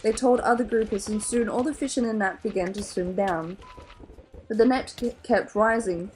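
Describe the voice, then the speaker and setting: A woman with an Australian accent reading a children's novel aloud in an animated, expressive way. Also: medium pitch, moderate pace, soft background music, rough recording. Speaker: storybook reader.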